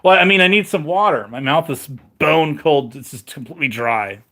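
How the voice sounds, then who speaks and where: A man chatting with viewers on a live stream, rambling and self-mocking with halting restarts and frequent laughs, his mouth dry and his voice turning crackly. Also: a little high, bright, forceful tone.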